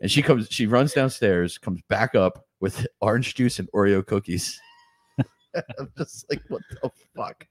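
A man's voice: on the low side, unhurried, dry recording, studio quality. A man in his forties telling crude, rambling stories as a podcast host, swearing constantly and laughing often. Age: 40s. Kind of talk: crude casual storytelling.

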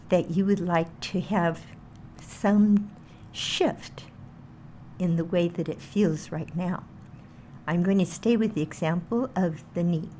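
A woman leads a guided healing meditation at a slow, unhurried pace, repeating short phrases in a soothing way. Her voice is mellow and relaxed rather than bright. A faint ambient hum sits behind her. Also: fairly low pitch.

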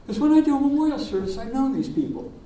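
Older male minister, gentle reflective sermon, mellow tone, heard from across an echoey sanctuary. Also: extremely high pitch, expressive, far from the mic. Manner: gentle, reflective storytelling with pauses. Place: church sanctuary.

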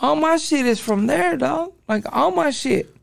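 Podcast guest, man, 40s, high-pitched and heavily gravelly, loose profane street talk. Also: expressive, measured pace, no room sound. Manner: profane street slang, calls listener dog. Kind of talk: casual interview storytelling.

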